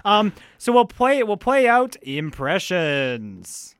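A young man runs a casual comedy show in a fairly high, bouncy voice. He keeps things loose and playful and laughs often. The sound is dry and close. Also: big pitch swings, slow, fairly bright tone, clear, resonant tone, no room sound. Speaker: podcast host. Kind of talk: casual chat.

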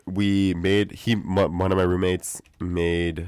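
A young man co-hosting a casual podcast, telling animated stories and mimicking people. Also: takes it slowly, smooth, no echo, clean studio sound. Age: young adult. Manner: animated storyteller, mimics people in high voices. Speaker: podcast co-host. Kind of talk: casual chat.

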